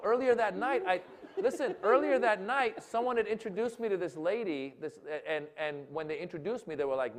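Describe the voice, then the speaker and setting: A male comedian telling a long anecdote at a live talk event, acting out voices and shouting for laughs. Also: high-pitched. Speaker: comedian guest. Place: lecture event with audience.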